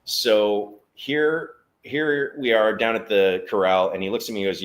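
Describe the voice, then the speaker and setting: A man with a very low voice tells a story in conversation. He acts out the other people's lines with energy as he talks. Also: a little slow. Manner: animated storyteller acting out dialogue. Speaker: guest, barbershop business owner.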